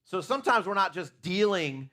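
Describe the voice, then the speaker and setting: A man's voice: high-pitched, expressive, moderate pace, bright, forceful tone. A man preaching a conversational sermon in a church, asking his listeners questions and talking openly about his own faults.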